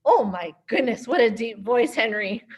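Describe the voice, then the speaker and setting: A librarian hosts a virtual storytime for little kids and their caregivers, speaking through a computer mic in an upbeat, sing-song way. Her voice is fairly high and animated, at a moderate pace.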